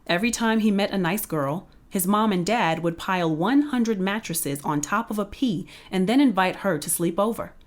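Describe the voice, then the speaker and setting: A woman reading a children's picture book aloud in a playful, expressive storytelling voice. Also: medium pitch, normal speed, few pauses.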